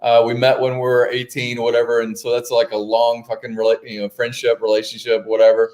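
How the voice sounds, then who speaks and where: A man's voice: mid-range voice, completely flat delivery, quick pace, a little mellow. Male co-host, mid-range voice, loose and chatty, lots of "you know". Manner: loose, filler-heavy, storytelling. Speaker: podcast co-host. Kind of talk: casual chat.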